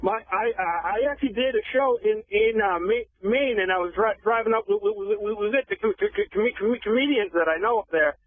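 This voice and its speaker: Guy calling in from boston, high voice, stutters a lot, thin phone sound. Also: brisk, hardly any pauses, no echo. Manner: heavy stutter, repeats syllables many times. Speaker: caller. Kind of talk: phone-in chat. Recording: tinny phone line.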